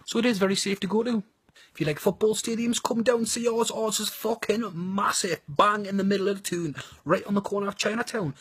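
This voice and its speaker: A man's voice: high voice, fast talker, a bit bright, husky, dry recording. A man with a Geordie accent giving a crude, blunt and sardonic comic monologue about his home city. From North East England.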